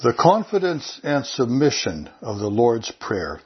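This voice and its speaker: A man's voice: medium pitch, big pitch swings, unhurried, breathy edge, highs cut off. A man preaching a sermon in an earnest, conversational way, lifting his voice on key phrases. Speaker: pastor.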